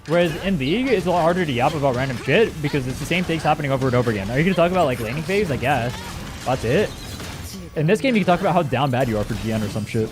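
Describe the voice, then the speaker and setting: A young man chats casually while streaming a game, rambling from one thought to the next and swearing freely. His voice sits fairly high and swoops around a lot, and his throat sounds a little strained. Faint game music plays underneath. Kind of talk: casual gaming stream chat.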